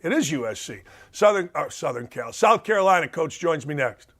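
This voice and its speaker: A man's voice: fairly high pitch, big pitch swings, a little fast, a bit bright. A middle-aged man hosting a sports talk show, giving a blunt, fired-up monologue full of mocking asides.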